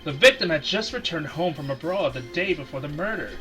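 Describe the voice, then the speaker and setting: A man's voice: a little high, animated, a little fast, pushed and bright, faint music behind, low-quality recording. A man voicing a young, earnest rookie male defense lawyer with a dramatic delivery.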